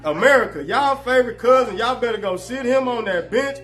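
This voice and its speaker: A man hosting a casual sports talk show, animated and joking, full of slang. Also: extremely high pitch, brisk.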